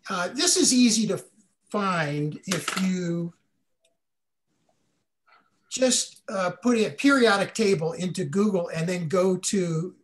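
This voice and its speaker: A man's voice: sits high, takes it slowly, pauses often. An older man, a guest speaker, answering questions in a casual, folksy way on a video call, often correcting himself mid-sentence.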